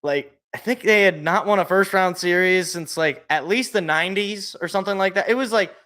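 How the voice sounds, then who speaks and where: A man hosting a casual sports podcast, talking in an animated, jokey way and thinking aloud. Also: sits high, a little fast. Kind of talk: casual chat.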